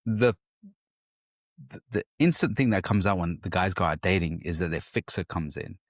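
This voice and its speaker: A man's voice: low voice, no room sound, studio quality. A man co-hosting a podcast, telling a personal story in casual chat and acting out his own inner voice. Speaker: podcast co-host.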